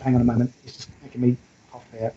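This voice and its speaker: A man's voice: medium pitch, completely flat delivery, fast talker, highs cut off, heavy background noise. A man giving a live spiritualist mediumship reading, chatty and affectionate, rambling with fillers and restarts. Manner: chatty and affectionate, calls the sitter "my darling".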